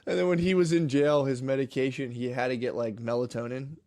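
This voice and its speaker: Fast-talking, rambling podcast guy. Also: medium pitch, steady tone, darkish tone, no echo. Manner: rambling storyteller, heavy slang and swearing. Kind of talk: casual podcast chat.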